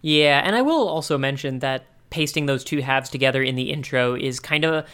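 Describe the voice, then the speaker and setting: Man, podcast co-host, smooth clear voice, wry asides, mid pitch. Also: fairly quick, sharp tone. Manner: thinks aloud. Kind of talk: casual podcast chat.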